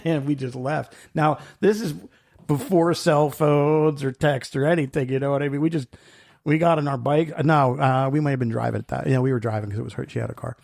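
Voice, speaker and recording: Gravelly middle-aged man telling stories. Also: medium pitch, steady tone, fairly quick, darkish tone. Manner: rambling storyteller, laughs often, acts out quotes. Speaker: podcast co-host. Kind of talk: casual chat.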